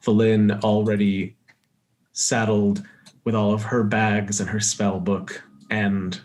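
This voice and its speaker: A man narrating a tabletop game as game master, with measured description and quick asides. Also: fairly low pitch, flat delivery, darkish tone.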